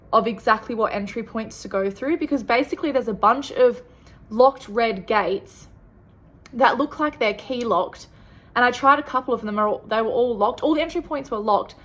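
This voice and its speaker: A woman's voice: a little high, fairly bright tone. An Australian woman vlogging to camera, telling a rambling travel story and swearing freely along the way. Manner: rambling, swears freely, restarts mid-sentence.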